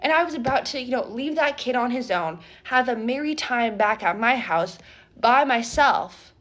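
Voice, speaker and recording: A young woman casually retelling a wild dating story in a storytime vlog, animated and dramatic, often asking "okay?". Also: on the high side, normal speed.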